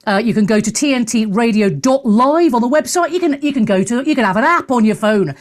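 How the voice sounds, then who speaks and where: A woman's voice: a little high, animated, fairly quick. Brash, sarcastic woman radio host. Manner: brash, sarcastic, theatrical asides. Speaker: radio talk show host. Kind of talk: opinionated talk radio monologue.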